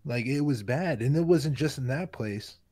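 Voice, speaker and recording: A man's voice: mid-range voice, lively intonation, normal speed, noisy background. A man who is a guest on a podcast, telling a story in a laid-back, rambling way. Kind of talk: casual podcast chat.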